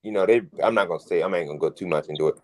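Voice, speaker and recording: A man's voice: low-pitched, racing, low-quality recording. A man telling a personal story in a casual, rambling way, restarting his phrases as he goes. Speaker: street preacher in group discussion.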